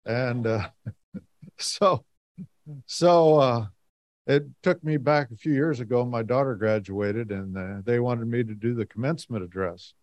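Man, middle-aged, folksy rambling anecdote, pauses with fillers, dry sound. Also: mid-range voice, steady tone, darkish tone, dry recording. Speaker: lay speaker giving a talk. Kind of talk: storytelling talk to a congregation.

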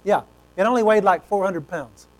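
A male preacher tells a story in a folksy, conversational way. His voice sits high for a man. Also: normal speed, low-quality recording. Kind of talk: sermon.

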